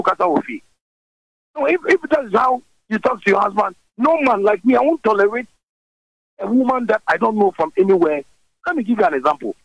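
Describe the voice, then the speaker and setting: A Ghanaian man answers questions in a radio interview, his voice high and rough with a gravelly edge. He talks in forceful bursts that swing widely up and down, mixing languages as he goes. The sound is close and dry. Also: a little fast, no echo, dull audio. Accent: Ghanaian English. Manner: animated and forceful, switching languages mid-sentence. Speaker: interview guest, musician.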